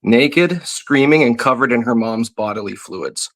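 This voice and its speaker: A man's voice: medium pitch, animated, measured pace, fairly bright tone. A man appearing as a guest on a comedy talk show, goofy and playful while promoting his comic. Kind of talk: comedic podcast banter.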